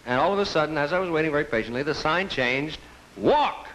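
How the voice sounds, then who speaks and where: Deadpan man doing stand-up. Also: a little high, fast talker, slight background noise, rough recording. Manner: deadpan storytelling, acts out sign voices. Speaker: stand-up comedian. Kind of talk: stand-up routine.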